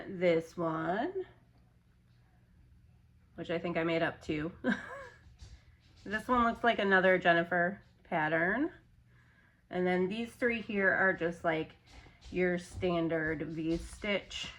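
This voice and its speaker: A woman's voice: lowish voice, a bit bright. A young adult woman in casual chat, showing her handmade stock in a loose, rambling way with lots of fillers.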